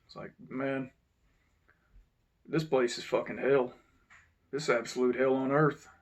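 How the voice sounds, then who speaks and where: Man, thirties, gravelly, middle pitch, reflective unhurried storytelling. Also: fairly even intonation. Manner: unhurried, reflective, drops to a low mutter at times. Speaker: channel host. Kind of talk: casual storytelling monologue.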